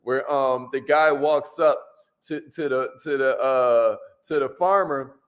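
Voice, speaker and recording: Hosting a live motivational stream, a man speaks energetically and casually, greeting viewers by name and repeating his key lines. His voice is medium-pitched and slow.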